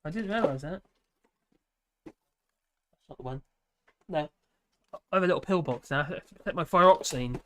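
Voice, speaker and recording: A man's voice: fairly high pitch, moderate pace, long pauses, fairly bright tone, a little hiss or hum. A man from the UK hosting a live stream, chatting in a rambling way and reading viewer comments, tired and often laughing. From United Kingdom.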